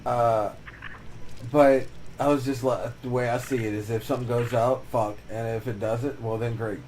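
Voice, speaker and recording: A male game streamer talking loosely between plays, with frequent swearing and easy laughter. His voice sits at an ordinary middle pitch. A faint hum of noise runs underneath. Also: steady tone, normal speed, a little mellow. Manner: profane, laughing, loose storytelling. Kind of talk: casual chat while gaming.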